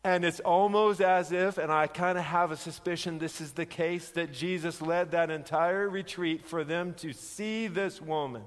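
A man preaching a sermon, telling a scripture story with lively emphasis, acting out the quoted lines and slowing down to stress key words. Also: on the high side. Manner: frequent restarts, slows down for emphasis. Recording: long reverb of a large hall.

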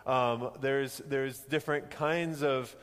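A man's voice: medium pitch, fairly even intonation, slow pace, a bit bright, clean tone. A man preaching a sermon, teaching conversationally with emphatic rhetorical questions. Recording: long hall reverb.

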